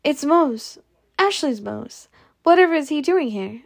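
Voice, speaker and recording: A woman's voice: a little high, lively intonation, moderate pace, darkish tone, close to an everyday voice. A woman voicing a willful, anxious young Southern belle who speaks in urgent exclamations.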